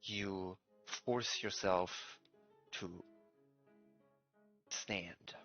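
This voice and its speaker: A man narrating as game master, in a hushed and halting way. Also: sits low, fairly even intonation, highs cut off, soft background music. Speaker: dungeon master.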